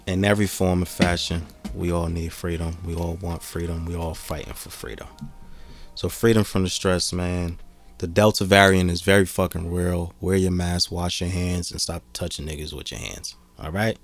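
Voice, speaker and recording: Man, podcast host, very low voice, relaxed rambling chat, faint music behind. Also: normal speed, gravelly. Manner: laid-back, swearing, rambling.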